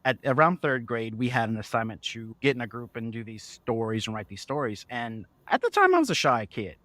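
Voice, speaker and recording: A man, a guest author, telling childhood stories in a lively conversational way and acting out the voices he quotes. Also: medium pitch, brisk, no room sound. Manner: animated, acts out quoted voices, laughs often. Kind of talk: conversational storytelling.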